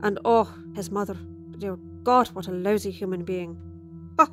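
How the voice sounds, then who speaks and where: A woman's voice: medium pitch, moderate pace, fairly bright tone, faint music behind, lightly acted. A woman performing a dramatic monologue as a chatty, tipsy Irish widow who confides over dinner, with sudden flashes of resentment. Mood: confiding. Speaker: storyteller.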